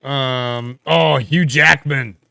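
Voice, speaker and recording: Very slow and mid-range, with vocal fry, this livestream co-host comes through clean, studio-recorded, and echo-free. He chats loosely, pondering viewers' comments aloud with fillers and laughter.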